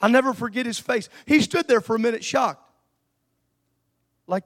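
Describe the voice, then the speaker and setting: High-voiced preaching man. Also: animated, brisk, long pauses. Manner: preaching, swings between quiet asides and shouted peaks. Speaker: pastor. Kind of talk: sermon.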